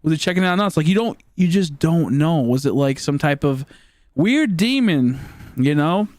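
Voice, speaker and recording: A man's voice: a little high, expressive, normal speed, a little mellow, dry recording. A man in his late twenties, a streamer telling a story in a casual, rambling way with lots of filler words. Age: late 20s. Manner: rambling, full of "like" fillers and restarts.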